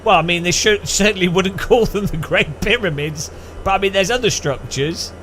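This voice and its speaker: A man's voice: high-pitched, normal speed, fairly bright tone, slight background noise. A man giving rambling, jokey gameplay commentary, thinking aloud. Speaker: gaming channel host.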